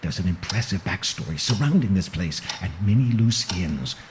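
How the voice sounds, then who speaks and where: An actor playing a stubborn young writer in a game, earnest and defiant on a phone call. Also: male voice, low voice, lively intonation, normal speed. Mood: determined. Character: stubborn young male writer investigating a murder. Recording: loud background hiss.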